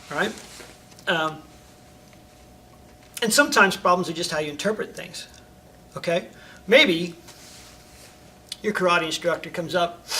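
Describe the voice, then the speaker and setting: A middle-aged karate instructor speaks in a bright, gravelly voice, coaching his students in a casual way and checking in with them often. He is recorded from a distance in a training hall, with a faint rumble behind him. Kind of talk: talking to students on camera.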